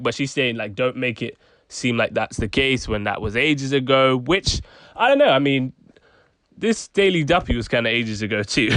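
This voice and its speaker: A man's voice: a little high, fairly bright tone, no room sound. A young man giving casual, chatty commentary on rap lyrics, laughing often and trailing off with fillers. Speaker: YouTube commentator.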